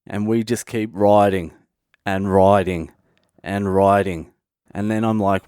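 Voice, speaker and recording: A man's voice: fairly low pitch, slow pace, smooth, no echo, clean studio sound. Profane Australian man telling stories. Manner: profane, animated storyteller. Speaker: comedian podcast host. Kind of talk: comic storytelling monologue.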